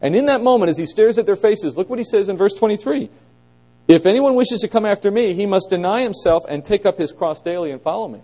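Mellow-voiced man teaching a Bible lesson. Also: high voice, quick pace, poor audio. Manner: asks the listeners questions, animated emphasis.

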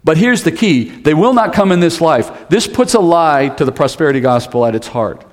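A male pastor delivers a sermon in an easy, conversational way, slipping in humor and asides. His voice sits a bit high for a man. The sound rings out with the long reverb of a large church hall. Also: animated, fairly quick, hardly any pauses.

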